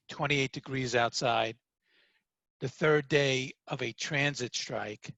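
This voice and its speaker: A man from Brooklyn, hosting an interview in a chatty, animated way. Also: mid-range voice, slow, long pauses, dry recording. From Brooklyn, New York. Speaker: host. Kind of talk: interview conversation. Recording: dry close recording.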